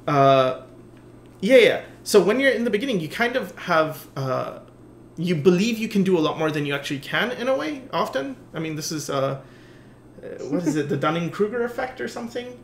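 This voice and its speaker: A man's voice: sits high, big pitch swings, normal speed, a little hiss or hum. A man hosting a podcast, talking things through casually, rambling and musing with plenty of fillers. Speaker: podcast host. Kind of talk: casual conversation. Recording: roomy echo.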